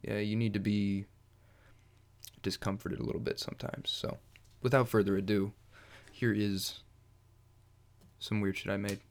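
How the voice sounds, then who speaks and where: A young man casually introducing a track he made, unhurried and self-mocking, groping for words. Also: lowish voice, level tone. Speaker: home musician introducing his track.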